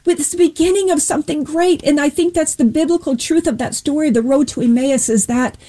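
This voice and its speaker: A woman's voice: high voice, brisk, warm tone, poor audio. A woman earnestly sharing a personal faith testimony and retelling a Bible story with voiced dialogue.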